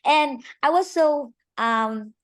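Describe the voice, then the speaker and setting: A woman's voice: high-pitched, slow pace, no room sound. A woman teacher, speaking hesitantly with many fillers on a video call. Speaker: teacher, meeting participant. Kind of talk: casual sharing on a video call.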